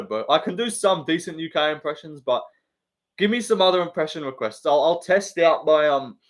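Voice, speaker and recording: A young man with an Australian accent chats through a live stream, reading viewer comments and firing back jokes. His voice sits a little high for a man, and the talk is loose and full of slang and swearing.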